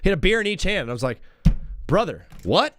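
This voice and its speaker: A man's voice: sits high, sing-song, fast, over music. A man hosting a casual call-in radio show, chatting and telling an easygoing story. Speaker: radio host. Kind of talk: casual chat.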